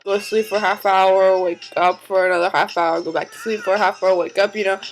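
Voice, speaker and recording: A woman vlogging in a casual chat. She tells stories in a chatty, excitable way and sounds tired. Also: mid-range voice, fairly quick, soft background music, poor audio.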